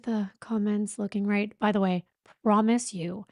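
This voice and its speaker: A woman's voice: mid-range voice, steady tone, moderate pace, creaky, darkish tone, dry recording, studio quality. A young woman hosting a true crime livestream in a casual, jittery and anxious way, sighing and breathless. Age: young adult. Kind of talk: nervous casual livestream chat. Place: home streaming setup with a fan running.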